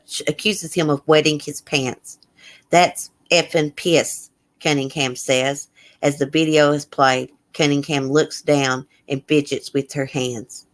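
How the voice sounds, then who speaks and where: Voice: mid-range voice, fairly bright tone. A live-stream host in casual commentary who reads a news article aloud, with blunt, indignant asides and remarks to viewers in the chat.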